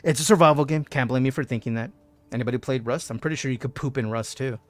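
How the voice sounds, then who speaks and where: Excitable man streaming a game. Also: mid-range voice, fast talker, no echo, faint music behind. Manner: excitable, chatty, keeps saying "dude"; reads out and answers chat messages. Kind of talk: casual live gameplay commentary.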